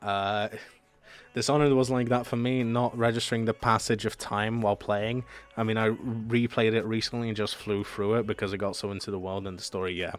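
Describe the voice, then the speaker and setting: A man's voice: lowish voice, little pitch movement, a little fast, faint music behind. A man streamer in casual chat, rambling with lots of fillers and casual swearing.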